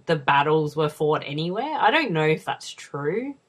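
Low, lively woman riffing on a film. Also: normal speed. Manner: wry, swearing, drops to muttered asides. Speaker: movie watch-along co-host. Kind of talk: casual commentary over a film.

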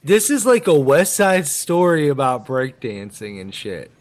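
A man's voice: medium pitch, sing-song, unhurried. A young man co-hosting a casual movie-riffing chat, joking around and slipping into a mock radio DJ voice. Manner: jokey, puts on a mock radio DJ voice. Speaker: podcast co-host.

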